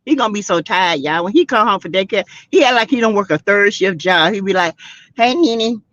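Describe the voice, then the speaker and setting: Lively woman hosting a gossip stream. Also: mid-range voice, quick pace, no echo. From South Carolina, US. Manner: animated, exclaims, talks straight to the chat. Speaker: livestream host. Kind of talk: casual gossip livestream chat. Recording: dull lo-fi stream audio.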